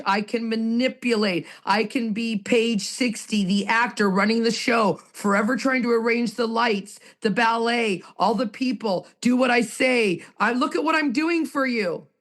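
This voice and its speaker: A Canadian-born woman in a recovery roundtable, sharing her story in a raw, emotional, rambling way. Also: fairly high pitch. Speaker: recovery group participant.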